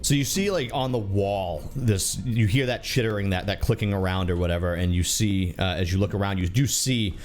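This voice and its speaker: A man running a tabletop game as dungeon master, narrating scenes in a playful, lively storytelling manner. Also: sits low, brisk, hardly any pauses.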